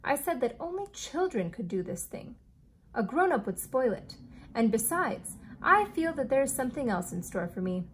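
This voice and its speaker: A woman reading aloud as an eccentric male inventor who speaks in a formal, old-fashioned, deliberate way. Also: sits high, sing-song, slight background noise.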